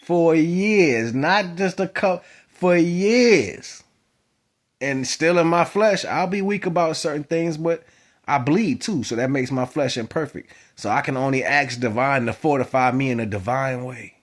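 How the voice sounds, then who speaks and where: A man giving a spiritual monologue to his viewers, moving from quiet musing to loud, emphatic exhortation. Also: fairly high pitch, unhurried. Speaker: spiritual vlogger. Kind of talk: preaching monologue to camera.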